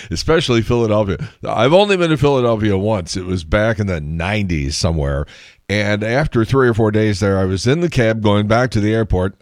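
A man's voice: mid-range voice, dry recording, clean studio sound. A tired man hosting a casual solo podcast, telling chatty, wry stories with asides and laughs. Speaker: podcast host.

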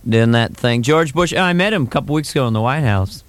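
Comedian guest, man, animated storyteller, mid-pitched everyday voice. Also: fairly quick. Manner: animated, fond of slipping into voices, chuckling. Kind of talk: casual interview storytelling.

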